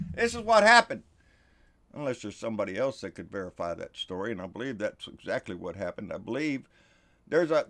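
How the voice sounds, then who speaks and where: A man's voice: a little high, fairly bright tone. Fiery profane man ranting. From Texas. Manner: profane, fiery, sarcastic, calls listeners "baby". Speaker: political vlogger. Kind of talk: heated political rant.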